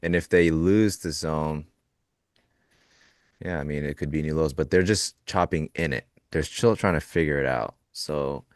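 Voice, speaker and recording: A man's voice: rumbling low, moderate pace, no room sound, clean studio sound. A man co-hosting a live trading show, talking casually and jokingly about the market, acting out little quoted lines. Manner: animated, jokey, acts out quoted lines.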